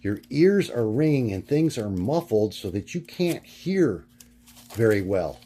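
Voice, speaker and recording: A middle-aged man talking through his notes in a rambling monologue, halting and full of fillers, often searching for words. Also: on the low side, very animated, dark tone, husky. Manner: halting, many fillers and restarts. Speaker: vlogger.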